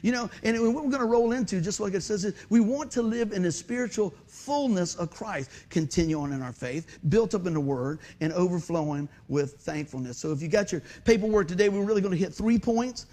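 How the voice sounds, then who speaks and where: Preacher guy, high voice, folksy, jokes around with the church, gets loud acting stuff out. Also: fairly quick, hardly any pauses. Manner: animated storytelling, acts out shouts and exclamations; folksy and conversational, jokes with the congregation. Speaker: pastor. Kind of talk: sermon.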